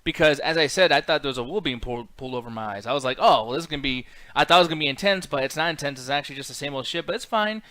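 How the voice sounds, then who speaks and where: A man co-hosting a casual show, talking excitedly and swearing freely as he acts out what characters said. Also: on the high side, very fast, hardly any pauses. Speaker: podcast co-host. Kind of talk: casual chat.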